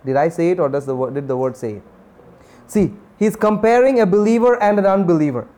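A man's voice: high-pitched, animated, a little fast, dark tone. A man preaching a sermon, repeating key phrases and putting questions to his listeners. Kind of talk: sermon teaching.

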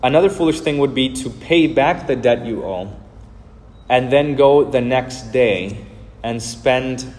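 A man's voice: medium pitch, darkish tone, in a large hall, slight background noise. A man preaching a sermon as pastor, earnest and explanatory, with frequent filler words.

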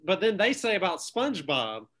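Laughing, slightly high-voiced man. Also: very animated, moderate pace, fairly bright tone. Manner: laughs often while recapping a cartoon. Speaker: podcast co-host. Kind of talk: casual chat.

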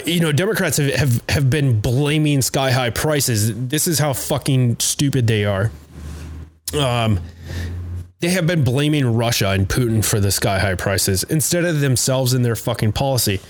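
A man with a mid-pitched voice, ranting on his own podcast. He talks loosely, swears a lot and breaks off into fillers and restarts. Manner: loose, profane and halting, with many fillers and restarts. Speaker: podcast host. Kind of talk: profane political rant.

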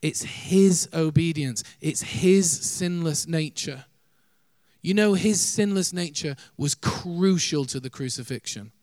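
A man's voice: fairly high pitch, takes it slowly, a little mellow, no room sound. A man preaching a sermon, earnest, shifting his pace and volume for emphasis, with light laughs.

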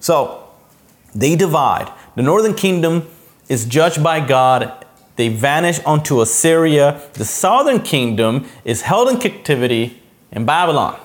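A man's voice: a little high, lively intonation, unhurried. A man preaching a sermon in a conversational teaching manner, often checking in with "okay" and "you know".

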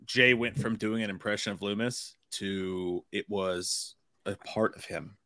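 A man's voice: fairly low pitch, measured pace, sharp tone, no echo. A man as a podcast guest in casual chat, laid-back and profane.

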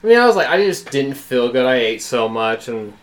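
Male podcast guest, mid-pitched, easygoing anecdotes. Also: sing-song, a little fast. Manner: laid-back, rambling anecdotes with swearing. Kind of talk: casual chat.

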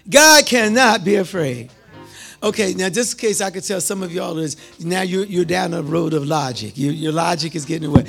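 A high-pitched man delivers a sermon. He calls out questions to the crowd, repeats his lines for emphasis, and swings from near-shouts to hushed speech. Soft music plays behind him. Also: creaky. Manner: call-and-response, repetitive, swings from loud to hushed. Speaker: preacher.

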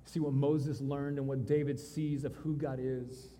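A pastor preaching a sermon, retelling scripture in casual, conversational voices and dropping to a quiet intensity. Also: male voice, medium pitch, level tone, a little slow. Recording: long reverb of a large hall.

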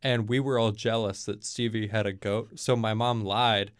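A man's voice: fairly low pitch, steady tone, moderate pace. A young man from Kentucky, a college student guest, telling stories in a casual interview with lots of fillers. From Kentucky, USA. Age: young adult. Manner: chatty, storytelling, many fillers.

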